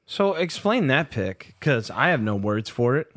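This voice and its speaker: A man's voice: medium pitch, very animated, unhurried, fairly bright tone, dry recording, studio quality. A man co-hosting a casual sports podcast, blunt and opinionated, steering the conversation back on track. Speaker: podcast co-host.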